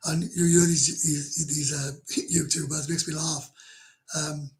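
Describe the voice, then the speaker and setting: A man's voice: on the high side, little pitch movement, unhurried. A middle-aged Welsh man hosting a casual livestream, chatting to viewers in a blunt, rambling way, swearing freely and laughing often. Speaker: livestream host. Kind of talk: casual livestream chat, reading comments.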